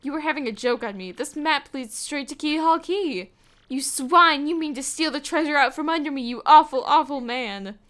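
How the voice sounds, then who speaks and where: A woman's voice: high-pitched, normal speed, a bit bright. Woman putting on a pompous rich merchant. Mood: indignant. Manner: grandiose, theatrical, dramatic exclamations. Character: flamboyant vain rich male merchant trader. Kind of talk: reading game dialogue aloud.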